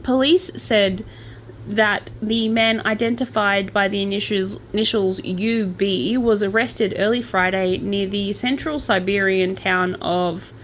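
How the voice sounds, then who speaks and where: A woman's voice: mid-range voice, fairly bright tone, slight background noise. A woman hosting a casual podcast, reading news stories aloud in a chatty, self-deprecating way and stumbling over hard names. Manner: crochets while talking. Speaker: podcast host.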